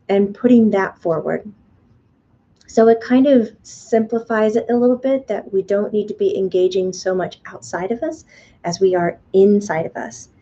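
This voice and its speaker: Woman host, live web class, chatty and animated, mellow tone, dull lo-fi sound. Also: mid-range voice. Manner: animated, chatty, playfully acts out the mind's voice. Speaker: spiritual teacher and medium. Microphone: webcam or computer mic on a video stream.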